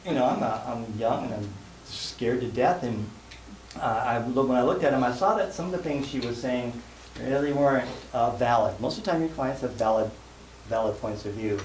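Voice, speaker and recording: A man's voice: medium pitch, moderate pace, darkish tone. Folksy man giving a live sales talk. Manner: folksy, self-deprecating storytelling with jokes. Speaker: sales seminar speaker. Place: conference hall before an audience. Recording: echoey live hall, faint room noise.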